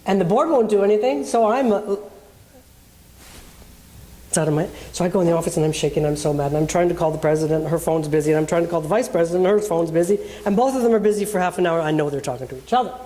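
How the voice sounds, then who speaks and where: A woman's voice: on the low side, quick pace, warm tone. A woman minister preaching in a conversational way, telling a personal story and acting out the people in it.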